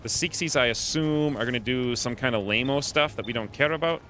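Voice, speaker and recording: A man's voice: medium pitch, brisk, sharp tone. A man giving playful live commentary while streaming a game, coining silly nicknames as he plans each move.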